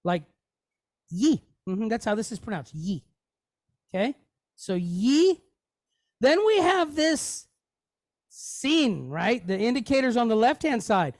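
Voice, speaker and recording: A man teaching a Hebrew lesson in a relaxed, conversational way, often checking in with his listeners. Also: very high voice, unhurried, dry recording, studio quality. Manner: conversational, checks in often with "okay?" and "you know". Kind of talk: casual teaching, explaining on screen.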